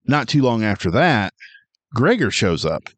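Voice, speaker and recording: Male co-host, mid-pitched, easygoing joker, dry close mic. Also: very animated, a little slow, a bit bright, dry recording. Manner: laid-back, joking. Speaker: podcast co-host, film reviewer. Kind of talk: casual comedic chat.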